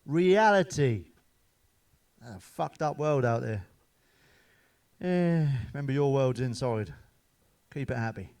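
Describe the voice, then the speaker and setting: Swearing comedian telling dad jokes. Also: male voice, mid-range voice, normal speed, gravelly, mellow. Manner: swears freely, laughs at his own jokes. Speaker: stand-up comedian. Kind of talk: stand-up one-liners.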